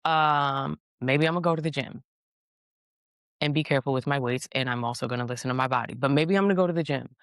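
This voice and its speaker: A woman host telling a story in a blunt, profane, animated way, in a casual monologue. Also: a bass voice, fast, no echo, clean studio sound. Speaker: podcast host.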